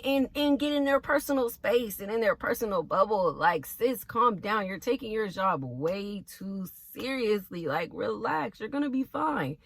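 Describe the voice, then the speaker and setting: A woman's voice: on the high side, pushed and bright. A nursing assistant telling a storytime about her job in a blunt, sassy way, swearing freely and talking straight to her viewers. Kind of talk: storytime vlog.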